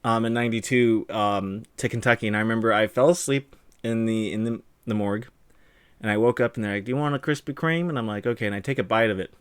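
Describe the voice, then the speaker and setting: A man's voice: fairly low pitch, steady tone, fast talker, smooth, no room sound. A middle-aged man from California, hosting a streamer interview in a chatty, rambling way full of fillers. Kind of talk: casual chat.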